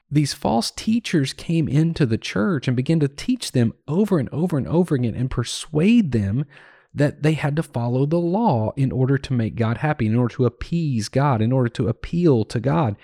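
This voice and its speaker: A man's voice: medium pitch, animated, moderate pace, creaky, warm tone, dry recording, clean studio sound. A man hosting a Bible teaching podcast, explaining and paraphrasing verses in an earnest, conversational way. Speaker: podcast host teaching scripture.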